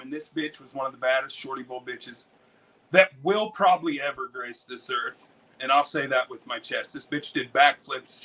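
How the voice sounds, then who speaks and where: An American man, a dog breeder and interview guest, telling stories in a rambling, excitable way full of swearing. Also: medium pitch, distant mic, rough recording. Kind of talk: casual storytelling.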